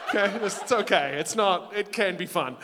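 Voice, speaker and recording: A man's voice: sits high, animated, moderate pace, bright, forceful tone. A man with a non-American accent hosting a college talent show, cracking rambling self-deprecating jokes on stage. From outside the United States. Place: stage in a hall with audience. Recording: long hall reverb.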